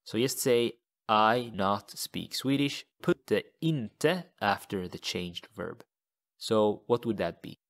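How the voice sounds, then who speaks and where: A man teaching a language lesson in a slow, deliberate way, repeating each example phrase. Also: lowish voice, lively intonation, creaky.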